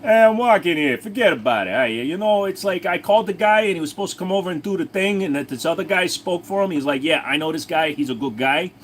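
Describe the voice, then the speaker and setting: A man putting on a brash, angry male New Yorker with a New York accent, loud and indignant. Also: sits high, lively intonation, quick pace, hardly any pauses, slight background noise, pitched above the performer's own voice. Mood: heated.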